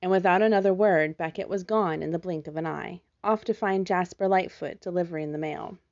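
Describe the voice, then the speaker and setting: Lower-voiced woman reading a storybook. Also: muffled recording. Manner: gentle, measured storytelling. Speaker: storybook narrator. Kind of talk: scripted narration.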